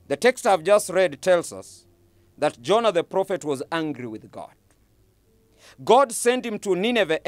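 A male preacher delivers a sermon with emphatic, repeated phrases. His voice is animated, rising and falling widely in pitch. The recording is dry, with no room echo.

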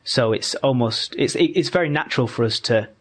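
A man talking as a podcast guest, patient and methodical, often restarting mid-sentence as he explains. His voice sits at an ordinary middle pitch, in a relaxed, casual conversational manner. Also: brisk.

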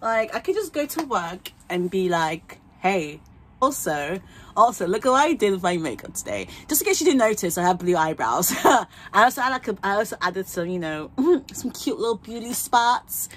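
A woman's voice: mid-range voice, big pitch swings, moderate pace. A young woman vlogger chatting casually while trying on wigs at home, bubbly and rambling, laughing often and swearing freely.

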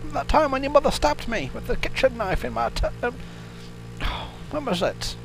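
Man playing a gravelly high old codger. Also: animated, normal speed, a bit bright, faint music behind, heavily acted. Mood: deadpan. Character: cranky crude elderly father, gravelly and high. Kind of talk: improvised comedy gaming commentary.

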